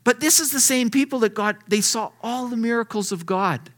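Middle-aged preacher guy, high bright voice, folksy sermon, acts out the scripture as he reads. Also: normal speed. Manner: lively preaching, reads scripture aloud with acted lines; folksy and conversational. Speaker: pastor.

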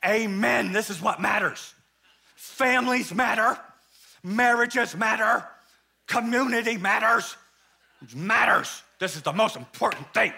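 A man's voice: high-pitched, measured pace, creaky, exaggerated voice. A man putting on a gushing, fervent pastor. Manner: fervent, exclaiming, louder. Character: gushing male pastor, fervent about family and community.

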